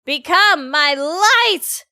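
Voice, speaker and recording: A woman voicing an overwrought, brooding gothic male bird, declaiming slowly and loudly during a live-streamed game read-aloud. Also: extremely high pitch, expressive, no echo, studio quality, voice pushed up, exaggerated voice. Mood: melodramatic. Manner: slow, loud theatrical declaiming.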